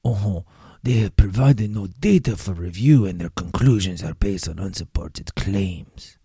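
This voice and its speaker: A man's voice: low-pitched, warm tone, breathy edge, no room sound, clean studio sound, heavily acted. A man putting on a bad French accent. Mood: haughty. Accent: mock French. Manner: deliberately bad accent, read-out. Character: stiff male spokesman reading a statement.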